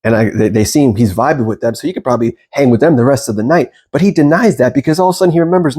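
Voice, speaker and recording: Male coach, casual storytelling monologue, lively and profane, voices the quotes himself. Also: medium pitch, very fast, few pauses, slightly rough. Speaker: manifestation coach.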